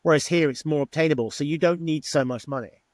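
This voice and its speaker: A man's voice: on the high side, fast, no room sound. Chatty man. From England. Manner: chatty, acts out quoted exchanges. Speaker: former bar owner. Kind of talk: interview storytelling.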